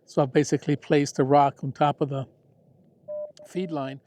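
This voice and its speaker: A man chatting casually about his ham radio contacts in a relaxed, self-deprecating way, recording outdoors in the desert. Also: on the high side, normal speed, no echo. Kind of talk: casual outdoor vlog narration.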